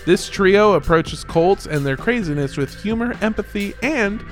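A man's voice: sits high, expressive, normal speed, faint music behind. A man co-hosting a podcast in casual comedic chat. He jokes around and laughs often. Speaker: podcast co-host.

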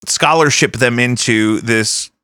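A man's voice: medium pitch, takes it slowly, sharp tone, smooth, dry recording, clean studio sound. A man hosting a podcast at home, rambling and cursing freely as he thinks aloud. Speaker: podcast host. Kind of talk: casual chat.

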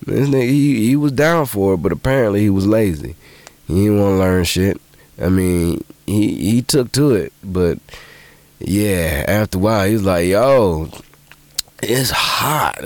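Male podcast host, low voice, dry close sound, profane animated storyteller with sudden high-pitched quotes. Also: measured pace, no echo. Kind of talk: casual monologue.

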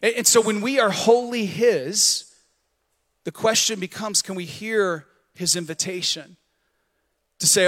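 A man's voice: high voice, measured pace, fairly bright tone. A man preaching a sermon as pastor, prompting the congregation to repeat words back to him. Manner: preaching with call-and-response prompts. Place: church sanctuary. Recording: long hall reverb.

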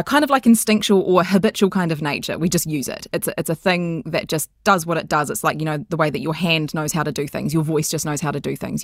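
A woman guest chatting on a podcast, animated and giggly, breaking into quick impressions. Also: low voice, dry recording, studio quality. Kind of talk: casual podcast chat.

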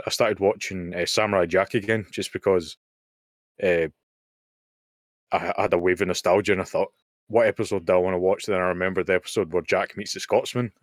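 Deep-voiced, sweary podcast co-host man. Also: no echo. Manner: blunt, sweary, dry humour. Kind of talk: casual chat. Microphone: remote call mic.

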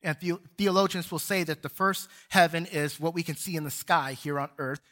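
A man's voice: a little high, steady tone, moderate pace, pushed and bright. A man preaching a sermon as pastor in a church, earnest and building to emphatic peaks as he tells a story. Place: church sanctuary.

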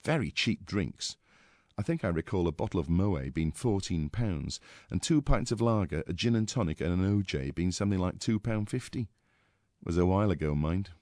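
A man's voice: low-pitched, expressive, moderate pace, darkish tone, no echo, clean studio sound. A man from England, a regular contributor, reading out a clipped, anecdotal personal piece.

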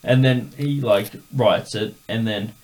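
Rambling, low-voiced man telling stories. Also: animated, moderate pace. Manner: rambling storyteller, many fillers. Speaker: podcast host. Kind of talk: casual chat.

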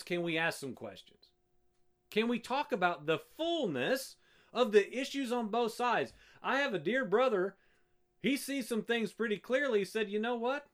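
Animated high-voiced pastor preaching. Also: male voice. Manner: rhetorical questions, emphatic and animated. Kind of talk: sermon.

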